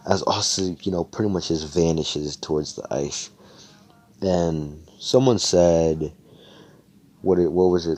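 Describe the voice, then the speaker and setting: A young man with a very low, dark voice casually retells a role-play session. He rambles, swears freely and leans on fillers. The delivery is loose and conversational. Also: unhurried. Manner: rambling, profane, filler-heavy.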